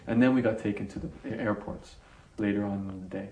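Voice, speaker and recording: A man in an interview telling a personal story in an animated way, acting out scenes and pausing with fillers. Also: lowish voice, echoey room, a little hiss or hum.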